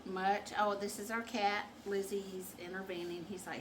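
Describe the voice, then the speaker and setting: A woman hosting her own channel, chatting casually and acting out quotes loudly as she tells a comic story, often laughing. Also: medium pitch, flat delivery, normal speed, hardly any pauses, a little hiss or hum. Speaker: channel host. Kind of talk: casual chat.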